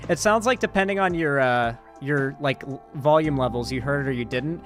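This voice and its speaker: A man's voice: medium pitch, fairly quick, fairly bright tone, faint music behind. A man with a sore throat giving rambling, profane live-stream commentary, full of sarcastic asides.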